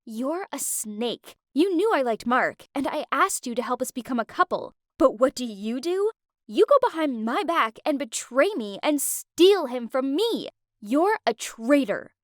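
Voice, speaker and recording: A woman voicing a jealous, spiteful young woman in an animated story. Her voice is high and dry, with no room sound around it. She speaks sarcastically, every line cutting. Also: measured pace, dry recording.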